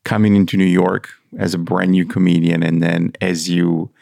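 A middle-aged man hosting a podcast, asking measured, inviting interview questions. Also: deep voice, flat delivery, gravelly, a little mellow, dry recording, studio quality. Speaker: podcast host.

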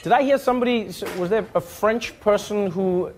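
A man doing stand-up crowd work, animated and laughing, before a live audience. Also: sits high, brisk, faint music behind. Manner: animated, laughing, mock French voices.

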